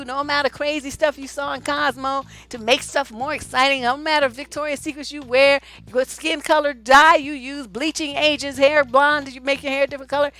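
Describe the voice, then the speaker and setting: A middle-aged woman from Oakland speaks as a relationship coach, her voice pitched high and bright. She talks bluntly and animatedly to her viewers, laughing often. Faint music plays behind her. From Oakland, California. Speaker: relationship coach and channel host. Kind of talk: casual advice talk to viewers.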